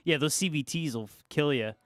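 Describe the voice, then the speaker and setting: A man's voice: fairly high pitch, normal speed, a bit bright, no echo. A young man hosting a guitar livestream, chatting casually with viewers, laid-back and swearing freely. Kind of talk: casual chat reading viewer comments.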